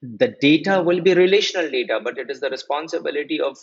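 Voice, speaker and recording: A man in his forties giving a live technical lecture as a software trainer. He repeats his key points and keeps quizzing the class with checking questions. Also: fairly high pitch, animated, fast, breathy edge. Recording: muffled lo-fi audio.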